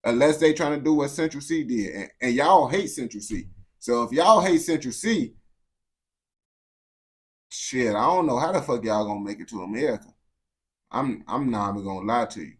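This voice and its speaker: A man's voice: mid-range voice, normal speed. A man giving casual reaction commentary, blunt and profane, full of slang and repeated phrases. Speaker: reaction streamer.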